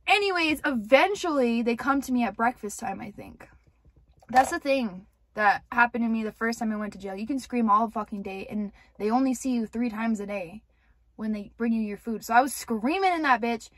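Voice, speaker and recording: A woman's voice: on the high side, moderate pace, no room sound. A young woman candidly rambling through a personal storytime, with lots of filler words and cursing. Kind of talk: casual storytime monologue.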